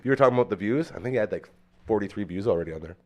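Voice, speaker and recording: A man's voice: fairly low pitch, racing, lo-fi sound. A man hosting a podcast, teasing his co-host in casual banter. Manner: teasing, playful, animated.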